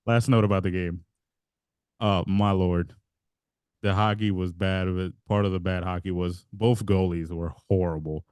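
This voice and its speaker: A man's voice: sits low, fairly even intonation, normal speed, a little mellow, clear, resonant tone, no room sound. A man co-hosting a podcast in casual chat, telling a rambling story and laughing as he goes. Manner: rambling, self-interrupting storyteller who laughs mid-sentence. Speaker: podcast co-host.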